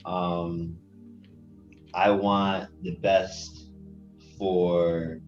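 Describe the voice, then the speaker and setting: A low-voiced man chatting on a podcast, slow and a little hesitant. His words come soft and unhurried. The sound is roomy and dull, with faint music behind. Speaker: podcast co-host. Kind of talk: casual podcast chat. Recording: roomy, muffled audio.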